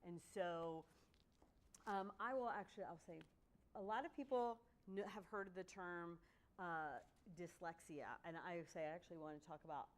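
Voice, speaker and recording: Casting: woman as lively workshop speaker, lower voice, tells anecdotes, keeps checking in with "right?". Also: moderate pace. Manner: animated storytelling with frequent "right?". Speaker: guest speaker. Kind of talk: workshop presentation.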